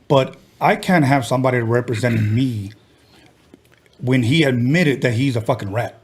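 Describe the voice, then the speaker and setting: Blunt husky-voiced male podcast host. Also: mid-range voice, moderate pace. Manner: blunt, animated, swears freely. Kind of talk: casual chat.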